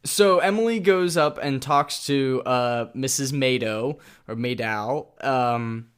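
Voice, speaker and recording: A man's voice: mid-range voice, slow, a bit bright, smooth. A man co-hosting a podcast, chatting playfully and finishing his partner's sentences while recapping an audio drama. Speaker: podcast co-host. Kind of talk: casual chat reviewing an audio drama.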